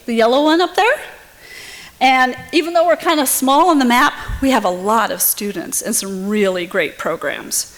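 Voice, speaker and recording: A woman presenting at an awards event, reading her introduction in a steady, prepared way. Her voice sits a little high. Her words echo with the long reverb of a large hall.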